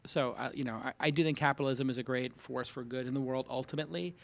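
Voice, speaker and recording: A man with a Brooklyn accent hosting a casual roundtable, talking in animated, opinionated, joking rants. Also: mid-range voice, fast talker, gravelly. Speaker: host.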